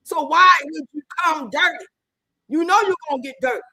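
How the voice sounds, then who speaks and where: Loud, animated woman streamer with bright, high voice. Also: brisk, no room sound, rough recording. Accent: African American Vernacular English. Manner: loud, animated, swearing freely. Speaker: livestream host. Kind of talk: casual livestream commentary.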